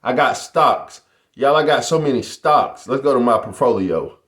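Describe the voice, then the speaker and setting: Animated man in an echoey room. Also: mid-range voice, moderate pace. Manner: animated, boastful, addresses viewers as "y'all". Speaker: YouTuber. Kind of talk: casual motivational vlog.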